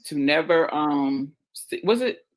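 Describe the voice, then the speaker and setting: A man's voice: a little high, lively intonation, takes it slowly, low-quality recording. Southern guy cohosting a chat show, playful and teasing, lots of "girl". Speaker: show co-host. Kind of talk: casual chat.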